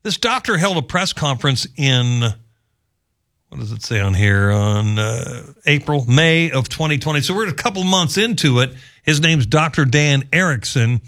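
A man's voice: a little high, fairly bright tone. A man hosting a talk radio show, speaking casually and sarcastically, with mocking asides. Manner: sarcastic, conversational, mocking impressions.

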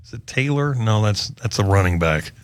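A man's voice: lowish voice, animated, moderate pace. A man hosting a talk show, chatting casually and jokingly through odd news stories. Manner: chatty, joking, wandering asides. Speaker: radio show host.

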